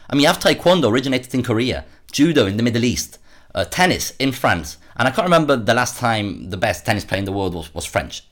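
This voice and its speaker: A man hosting a solo commentary podcast, worked up and sarcastic, often repeating words as he rants. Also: fairly low pitch. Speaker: podcast host.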